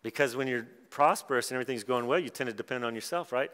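Storytelling pastor preaching in a big hall. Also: male voice, medium pitch, fast. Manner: storytelling, swings from quiet to loud and excited. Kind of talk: sermon. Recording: long hall reverb.

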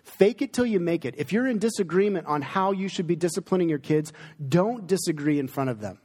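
A middle-aged man, a pastor, preaching an earnest, emphatic sermon with pauses for effect. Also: high-pitched, lively intonation, a little mellow, breathy edge. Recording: long hall reverb.

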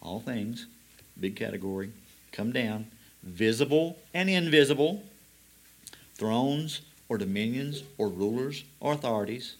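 Man preaching, slow emphatic scripture reading. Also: mid-range voice, animated. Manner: reads scripture slowly, then explains with rising emphasis. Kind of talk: sermon.

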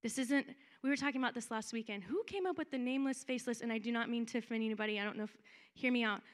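A young woman preaching a sermon in a lively, conversational way, acting out quotes as she goes. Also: a little high, racing.

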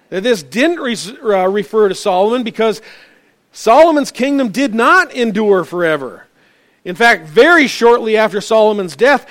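Male preacher with a high voice, earnest and halting. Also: a bit bright. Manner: earnest preaching with frequent restarts and fillers. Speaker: pastor. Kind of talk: sermon.

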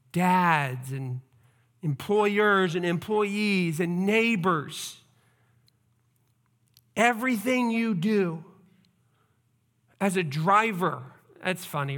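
A man's voice: high voice, pushed and bright. A man preaching a sermon as pastor, earnest and emphatic, with lots of repetition.

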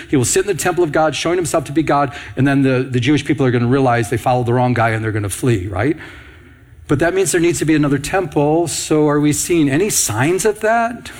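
A middle-aged man preaching on Bible prophecy, reading headlines and scripture and asking the audience rhetorical questions. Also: fairly high pitch. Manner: asks rhetorical questions to the audience, reads news headlines aloud. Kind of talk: prophecy teaching sermon.

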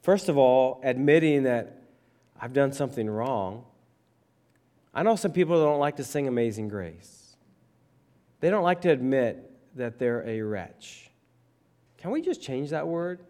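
A man's voice: mid-range voice, animated, unhurried, dark tone. Man preaching a conversational sermon. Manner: conversational, emphatic with checking questions. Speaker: pastor. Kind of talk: sermon reading and explaining scripture.

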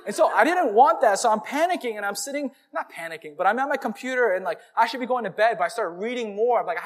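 High-voiced man preaching a casual sermon. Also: quick pace, few pauses. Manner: conversational storytelling, animated. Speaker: pastor.

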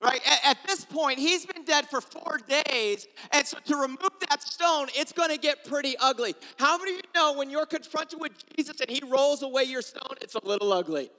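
High, bright-voiced preacher in a hall. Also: male voice, normal speed, few pauses. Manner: animated storytelling, acts out voices, swings from loud to hushed. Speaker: pastor. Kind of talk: sermon. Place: church sanctuary.

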